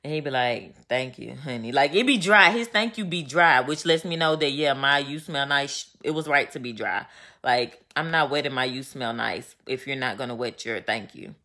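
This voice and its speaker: Low-voiced woman venting casually. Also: moderate pace. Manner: venting, animated storytelling with slang. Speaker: vlogger. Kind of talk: casual chat to viewers. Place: home, getting ready.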